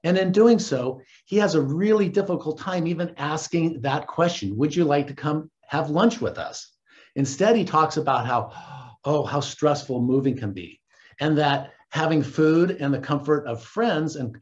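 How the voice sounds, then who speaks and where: A man hosting a casual recap, animated and quick to laugh as he retells the story. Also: fairly high pitch. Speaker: host. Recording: dull lo-fi recording.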